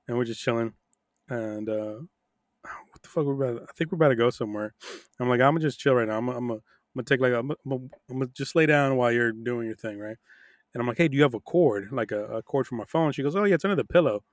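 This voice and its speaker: A man's voice: medium pitch, fast talker, no echo, clean studio sound. Laughing, profane podcast co-host man. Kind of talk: casual chat.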